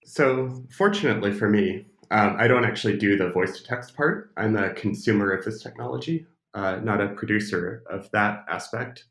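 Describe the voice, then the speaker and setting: A man's voice: on the low side, moderate pace, few pauses, a bit bright. An American man being interviewed as an expert, speaking thoughtfully with hesitations and restarts. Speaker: podcast guest, speech technology expert. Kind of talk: casual interview talk. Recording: roomy echo.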